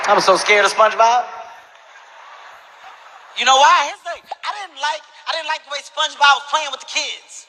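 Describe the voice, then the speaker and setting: Guy doing stand-up, loud brash and cussing, highish voice, lotta noise on the tape. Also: expressive, fairly quick, pauses often. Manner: brash, profane storytelling. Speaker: stand-up comedian. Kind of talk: stand-up comedy routine. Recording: noisy live stand-up recording.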